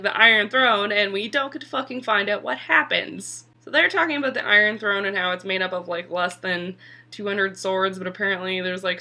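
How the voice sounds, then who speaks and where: A woman's voice: mid-range voice, sharp tone. A young woman casually recapping a TV episode, chatty and full of "like" fillers, sometimes swearing. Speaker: TV episode reviewer.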